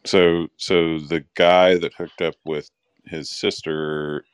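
A man co-hosting a casual faith podcast, explaining scripture patiently with pauses and fillers. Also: extremely low pitch, level tone, smooth, no room sound. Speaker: podcast co-host.

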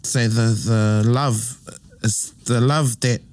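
A man's voice: medium pitch, fairly even intonation, slow, a little mellow, no echo. A man casually explaining Māori phrases and idioms, patiently giving examples and translations. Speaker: te reo Māori expert. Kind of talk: casual language chat.

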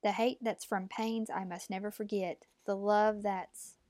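A woman reading an audiobook, voicing a grown mother who speaks in a quiet, earnest way. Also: medium pitch, steady tone, measured pace, dry recording, close to an everyday voice. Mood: conflicted. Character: grown mother, torn and restrained.

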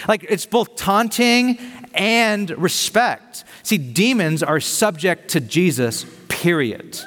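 A man pastor giving a sermon in an energetic, conversational way with casual slang. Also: high-pitched, takes it slowly. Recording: long reverb of a large hall.

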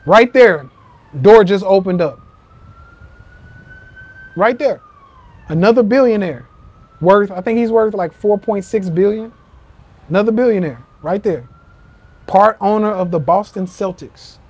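Speaking a little slowly with long pauses, this podcast host has a high, slightly mellow voice. He hosts a live social media rant show into his phone, animatedly performing quotes in an emphatic, profane, repetitive way.

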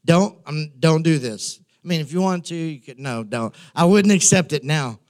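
Emphatic pastor preaching. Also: male voice, on the high side, animated, normal speed, a little mellow. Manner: conversational preaching with emphatic repetition. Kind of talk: sermon.

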